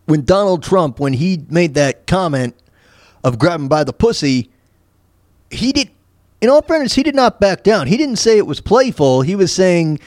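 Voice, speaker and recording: A man hosting a talk podcast and riffing on news clips in a loose, rambling way, stopping and restarting often. His voice sits fairly high and swings up and down a lot. The sound is close and dry. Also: animated, moderate pace, darkish tone, no echo. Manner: rambling, hesitant, full of fillers and restarts. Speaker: podcast host. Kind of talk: casual commentary over news clips.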